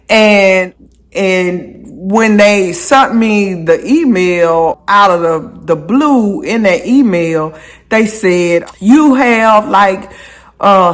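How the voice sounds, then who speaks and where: A voice at a mid pitch, talking at an unhurried, drawn-out pace. The speaker chats to viewers while walking outdoors, circling back and repeating phrases for emphasis. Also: fairly bright tone. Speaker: vlogger. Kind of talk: casual walking vlog talk. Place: outdoors on a walk.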